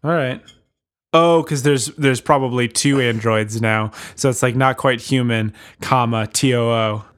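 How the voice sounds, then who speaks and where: A man's voice: medium pitch, fairly even intonation, unhurried. A young man from Minnesota, co-hosting a podcast in casual chat, teasing and cursing and cutting in. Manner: teasing, crude, interrupting. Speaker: podcast co-host.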